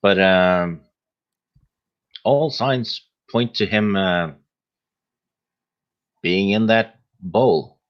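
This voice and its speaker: A man appearing as a podcast guest, explaining his theory at a measured pace with many hesitations. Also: deep voice, dull audio. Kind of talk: casual podcast discussion.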